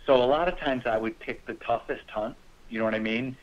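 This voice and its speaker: A man swapping hunting stories in a relaxed podcast conversation, his voice sitting at a middle pitch. He tells them with animation and laughter, dropping into other people's voices as he quotes them. The remote audio is muffled and slightly lo-fi. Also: a little fast. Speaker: guest hunter. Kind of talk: casual storytelling.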